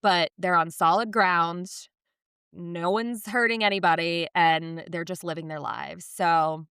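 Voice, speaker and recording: A woman in her thirties co-hosting a podcast, telling parenting stories in a casual, animated way and acting out the lines of others. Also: fairly low pitch, a little slow, smooth, dry recording, clean studio sound. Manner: animated storytelling, acts out quotes. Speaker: podcast co-host.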